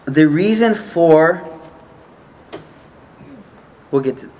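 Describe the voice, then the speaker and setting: A man's voice: fairly high pitch, lively intonation, extremely slow, darkish tone. A man teaching an informal religious study class, explaining patiently and checking often that the group follows.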